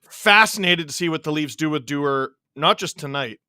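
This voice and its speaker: A man from Canada hosting a live hockey watch-along, mixing excited play-by-play with reading chat messages and shouting on big plays. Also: fairly high pitch, normal speed, clear, resonant tone, dry recording, studio quality. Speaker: livestream host watching a hockey game.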